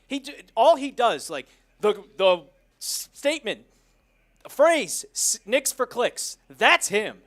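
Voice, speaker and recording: Man, sports talk co-host, lively swooping pitch, excitable, mocking. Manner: animated, excitable, quick to mock.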